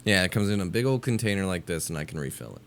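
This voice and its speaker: A man's voice: deep voice, expressive, very fast, creaky. A man co-hosting a podcast in laid-back casual chat, swearing offhandedly. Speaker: podcast co-host.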